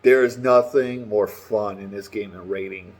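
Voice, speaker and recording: A man talking casually and excitably about a game, swearing freely and rambling between stories. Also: fairly low pitch, normal speed. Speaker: gaming vlogger. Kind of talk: casual opinion chat.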